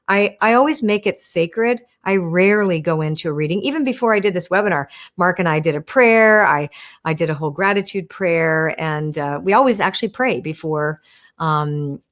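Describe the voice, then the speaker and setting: A woman with a fairly low-pitched voice hosts a live stream, chatting as she takes viewer questions about oracle cards. Her gentle explanations are peppered with "right?" and "you wanna."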